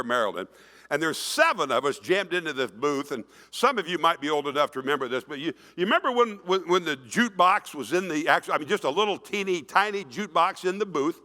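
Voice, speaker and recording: A man in his sixties giving an emphatic keynote speech, telling stories to an audience in a conference hall. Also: a little high. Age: 60s. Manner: animated, emphatic storytelling, acts out quoted voices. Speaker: keynote speaker. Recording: long reverb of a large hall.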